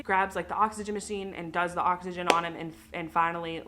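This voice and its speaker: Woman vlogger, bright voice, emotional candid personal storytelling. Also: on the low side, flat delivery, fast talker, few pauses, a little hiss or hum. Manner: emotional, candid, with many fillers. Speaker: vlogger telling her birth story.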